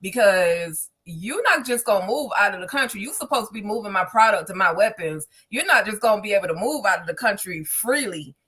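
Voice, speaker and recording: A woman co-hosts a casual TV episode review in a mid-range voice. She talks quickly and emphatically and circles back to repeat her points. Her delivery stays chatty and informal. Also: mid-range voice, animated, fairly bright tone, breathy edge. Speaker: co-host.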